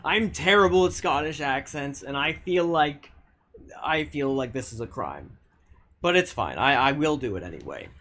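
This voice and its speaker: A man's voice: mid-range voice, animated, moderate pace, sharp tone. A man streaming a game, talking to chat casually in a blunt, argumentative way, swearing often and restarting his sentences.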